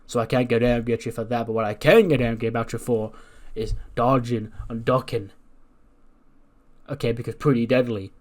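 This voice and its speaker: A man's voice: medium pitch, fairly even intonation, normal speed, darkish tone, lightly acted. Brief: man doing a firm, confident wrestling champ, challenging tone. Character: confident male wrestling champion cutting a promo.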